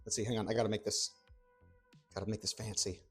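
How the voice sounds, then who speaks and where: A young man chatting on a cooking livestream, rambling and excitable, with playful exclamations and restarts. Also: fairly low pitch, fast, slightly rough. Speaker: streamer. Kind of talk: casual cooking livestream chat. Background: faint background music.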